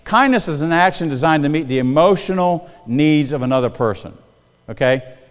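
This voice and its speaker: A man's voice: on the high side, expressive, moderate pace. Folksy preaching man in a reverberant hall. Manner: folksy, conversational, checks in with the congregation. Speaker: pastor. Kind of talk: sermon.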